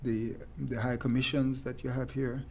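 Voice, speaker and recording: A man speaking in a measured, thoughtful way with some hesitations, in a documentary interview. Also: medium pitch, level tone, darkish tone.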